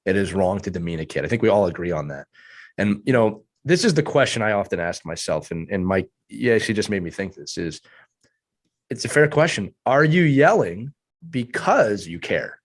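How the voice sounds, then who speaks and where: A man's voice: on the low side, lively intonation, moderate pace. A man hosting a hockey podcast in casual chat, making emphatic points and tagging them with "right?". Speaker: podcast host.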